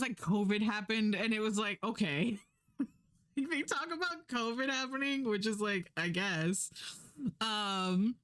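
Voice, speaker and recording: Young woman streamer chatting, swears a lot, rolls her eyes at everything, mid pitch. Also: clean tone. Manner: animated and exasperated, swearing, mocking voices for characters. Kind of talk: casual chat recapping a book.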